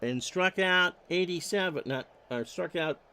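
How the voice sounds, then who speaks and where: A man's voice: sits high, a little slow, bright, forceful tone, clean tone. A man calling baseball play-by-play, reading off stats with wry joking asides. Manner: stat-heavy calls with wry joking asides. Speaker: play-by-play announcer.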